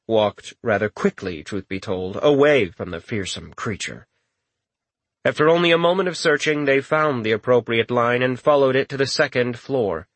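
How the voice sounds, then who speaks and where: A man narrating a fantasy story in a wry, expressive reading. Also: mid-range voice, dry recording. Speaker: audiobook narrator. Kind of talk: scripted narration.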